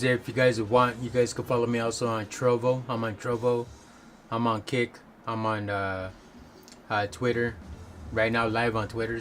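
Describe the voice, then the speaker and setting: A man's voice: mid-range voice, slight background noise. A male game streamer chatting casually with viewers, rambling and loose with lots of fillers and self-corrections. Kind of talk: casual chat.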